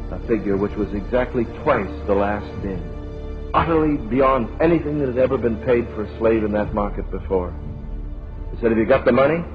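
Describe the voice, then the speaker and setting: Man preaching a sermon story, lo-fi. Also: lowish voice. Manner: slow dramatic storytelling, building to fervent appeal. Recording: dull lo-fi sermon recording with music behind.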